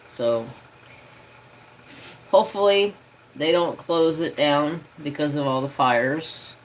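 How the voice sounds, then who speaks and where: A man's voice: medium pitch, slight background noise, poor audio. A man hosting a craft live stream, chatting casually and rambling easygoingly with many fillers.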